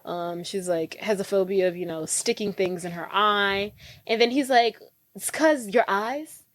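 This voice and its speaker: A woman's voice: mid-range voice, moderate pace, no echo. A woman co-hosting a podcast, chatting casually about a film and acting out the characters' lines. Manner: animated, acts out characters' lines. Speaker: podcast co-host. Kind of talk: casual chat recapping a film.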